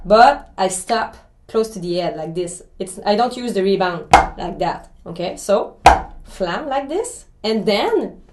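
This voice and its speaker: A woman's voice: medium pitch, reverberant, very noisy. A woman drummer, a guest who is chatty and laughs often, explaining a drum exercise step by step. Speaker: drummer guest giving a pad lesson. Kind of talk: casual interview, then drum lesson.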